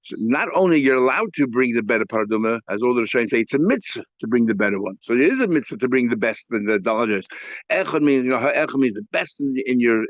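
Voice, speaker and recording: A man's voice: medium pitch, no room sound, muffled recording. A rabbi teaching a daily Talmud class. He explains step by step, asks rhetorical questions and mixes Hebrew and Aramaic terms into his talk.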